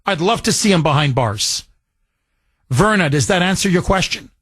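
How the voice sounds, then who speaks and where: A man's voice: high voice, animated, normal speed, fairly bright tone, husky, no room sound. A man hosting a call-in political talk radio show, talking emphatically with repeated phrases and rambling asides.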